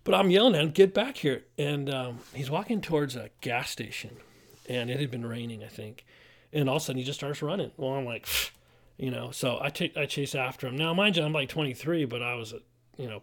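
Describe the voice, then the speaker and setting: A man's voice: medium pitch, steady tone, quick pace, a bit bright. A middle-aged man, a pastor and former police officer, telling a story casually and with animation, laughing through it.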